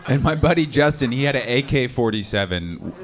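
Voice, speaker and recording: A male stand-up comedian from the Seattle area, doing a conversational live set with deadpan punchlines and loud impressions of angry people. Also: mid-range voice, a little fast, background noise. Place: comedy club stage. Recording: live club recording with crowd laughter. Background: audience laughter.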